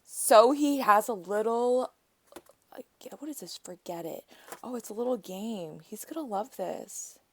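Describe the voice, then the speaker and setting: A woman's voice: on the high side, unhurried, a little hiss or hum. A woman craft vlogger in her thirties, chatty and exclamatory as she opens a package on camera. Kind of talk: casual unboxing vlog.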